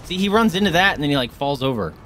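A man streaming a game live, commentating excitably, swearing freely and taunting the enemies on screen. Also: fairly high pitch, quick pace, slight background noise.

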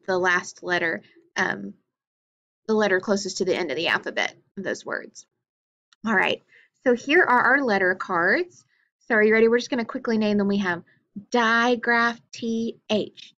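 A woman teacher working through a phonics lesson, naming each letter and sound with slow, deliberate care. Her pace is very unhurried, and the recording sounds dull and lo-fi. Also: medium pitch, a bit bright.

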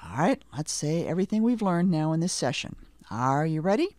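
A patient middle-aged woman leads a slow language lesson, drawing out each sound for the listener to copy. Her voice sits low, but it rises and falls a lot as she stresses each word. The sound is close and dry, with no room around it. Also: big pitch swings, darkish tone, no echo. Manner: patient, deliberate, stretches out letter names for the listener to repeat. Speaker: Hebrew teacher. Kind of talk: slow, careful language lesson with repetition drills.

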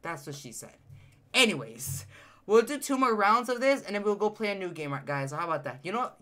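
A male game streamer with a high-pitched voice that sometimes cracks, chatting excitedly and answering his live chat while he plays. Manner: excitable, chatty, reacts to chat, repeats phrases.

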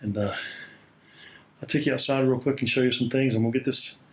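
Carrying a laptop as he walks, a Hawaiian-accented pastor shows off his small church from the inside, chatting casually, laughing a lot, and sounding a bit winded. His mid-range voice holds a steady tone at a fairly quick pace.

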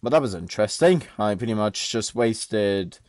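A man's voice: on the low side, expressive, normal speed, a little mellow, slight background noise. An eighteen-year-old man giving gameplay commentary, jumpy, swearing and shrieking at scares. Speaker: gamer.

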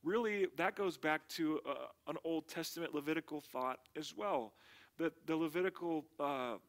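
A pastor preaches in an easygoing, conversational way, tossing in slang as he goes. His speaking voice sits a little higher than most men's. It sounds like a laid-back sermon to a small congregation. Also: moderate pace.

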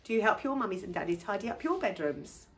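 A woman reading a picture book aloud to young children, as a teacher. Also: mid-range voice. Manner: expressive, slow, lively.

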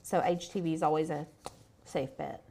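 A woman co-hosting a craft tutorial, chiming in with quick, upbeat remarks and tips. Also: sits low, fairly even intonation, creaky, dark tone. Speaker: co-host. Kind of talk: casual chat.

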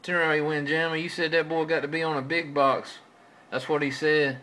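A man's voice: on the high side, little pitch movement, fairly quick, sharp tone, a little hiss or hum, poor audio. A man trading folksy CB radio chatter with other operators, drawing out his calls and repeating his stock phrases.

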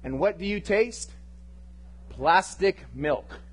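A man preaching to his congregation, his voice sitting a little high for a man. He pushes hard on key lines, then drops to a near hush when he turns intimate. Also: lively intonation, slow pace, breathy edge, rough recording. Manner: impassioned, swinging between loud and hushed. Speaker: pastor. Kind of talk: sermon. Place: church service.

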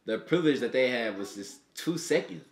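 A man giving casual, profane reaction commentary while he watches an anime, excitable and thinking out loud. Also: mid-range voice, brisk, roomy sound.

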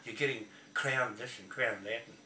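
A man's voice: medium pitch, fairly even intonation, moderate pace, sharp tone. A man ranting angrily to camera, swearing and repeating himself in a confrontational way. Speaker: video blogger. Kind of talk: angry rant to camera. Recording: echoey, from a distance, faint noise.

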